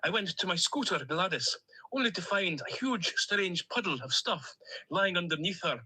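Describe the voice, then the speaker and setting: Speaking high and animated at a moderate pace, a man gives a bright, forceful, slightly rough performance in an exaggerated voice, captured on a rough recording. He plays a chatty male plastic toy duck with a Stornoway Scottish accent, recounting his misadventures in a cheery, rambling, cheerfully self-pitying comic monologue.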